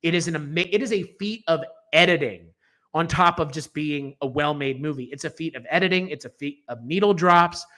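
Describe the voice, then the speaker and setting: A man's voice: a little high, brisk, bright, forceful tone. A man co-hosting a film podcast, giving strong, emphatic opinions in a casual, rambling way with fillers and restarts.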